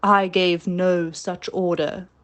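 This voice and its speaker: A woman doing a menacing pirate captain, storybook villain, slow and commanding, theatrical. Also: on the low side, flat delivery. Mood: shaken. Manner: theatrical, commanding, growing fearful.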